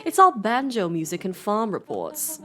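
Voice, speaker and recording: A woman's voice: medium pitch, huge pitch swings, normal speed, sharp tone. A woman voicing a sulky, sarcastic teenage girl in a story game.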